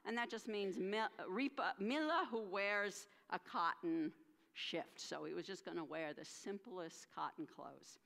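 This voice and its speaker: Slow, animated woman storyteller in a church. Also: mid-range voice, gravelly. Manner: animated storytelling with dramatic pauses and acted voices. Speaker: minister. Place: church sanctuary. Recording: reverberant church sanctuary.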